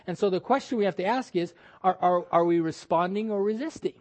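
A man's voice: sits high, a little fast, darkish tone. A male pastor preaching a sermon with emphatic delivery, repeating words and acting out quoted voices.

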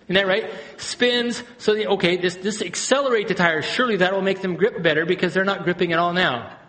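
Male pastor, high voice, animated sermon delivery, dips to quiet intensity then climbs to loud emphasis. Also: fairly quick. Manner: animated preaching, swings from hushed to loud and high.

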